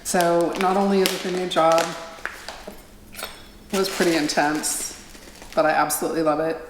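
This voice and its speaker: A woman's voice: lowish voice, steady tone, moderate pace, noisy background. A middle-aged woman vlogging in a casual, rambling, self-deprecating chat to her viewers. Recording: roomy echo, faint ambience.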